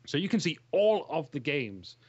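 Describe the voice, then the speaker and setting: A man's voice: a little high, sing-song, normal speed, husky, no room sound, dull audio. A man chatting casually as an interview guest about strategy games, rambling and enthusiastic, laughing often. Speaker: interview guest, game shoutcaster.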